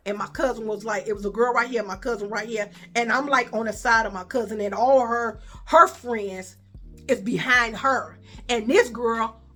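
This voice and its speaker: A woman with a Chicago accent telling a personal story in a casual storytime vlog, animated and profane, acting out the dialogue. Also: a little high.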